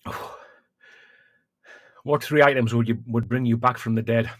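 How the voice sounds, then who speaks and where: Male streamer, mid-pitched, chatty, coughing and sighing through hot chilli, dry close sound. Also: steady tone, normal speed, no echo. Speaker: livestream host. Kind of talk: casual livestream chat.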